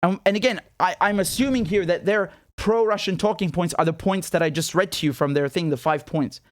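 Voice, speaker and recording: With a high voice and a slightly fast delivery, a man from Britain, an independent journalist, hosts a commentary monologue to camera. He's sarcastic and incredulous, repeating rhetorical questions, and the sound is clean studio audio with no echo.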